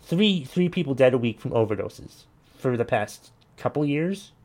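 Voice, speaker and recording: Gravelly-voiced man ranting. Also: medium pitch, animated, normal speed, darkish tone. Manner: blunt, swearing, frustrated ranting. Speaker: podcast host reading listener messages. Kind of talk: casual ranting commentary.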